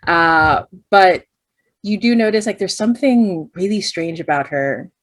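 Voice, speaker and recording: A woman's voice: fairly low pitch, lively intonation, a little slow, a little hiss or hum. Woman game master narrating a tabletop game. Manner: descriptive, thinking aloud with many fillers.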